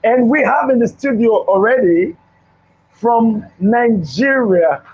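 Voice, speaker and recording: A very high, slightly mellow voice with a breathy edge carries this studio motivational talk, where a male host recounts a Bible story, animated yet slow, preacherly and repeating phrases for emphasis. The recording is dull and lo-fi.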